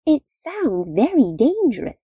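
A naive, curious young companion who keeps asking questions , as a woman plays her. Her voice is mellow and breathy, and her pitch swings widely. It is recorded dry and close. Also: wildly swooping pitch, measured pace, dry recording, heavily acted. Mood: wondering. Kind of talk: amateur radio comedy sketch.

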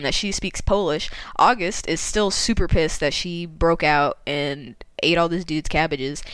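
A woman's voice: fairly low pitch, fairly bright tone, clear, resonant tone, no room sound. A woman casually retelling a story, chatty and laughing often, with lots of fillers.

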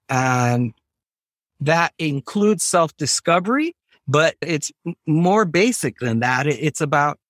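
An emphatic American man speaks as a professor guest, rambling from point to point with lively conviction. His voice sits a little high for a man. The sound is dry and close, with no room echo. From United States. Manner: animated, emphatic, digressive. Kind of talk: casual interview talk.

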